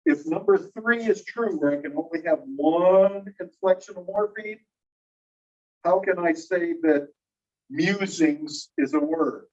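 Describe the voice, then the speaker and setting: A man's voice: high voice, takes it slowly, a little mellow. A man teaching a class, explaining things step by step and putting questions to his students. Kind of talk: classroom lecture. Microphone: phone across the room. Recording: dull phone recording from a distance.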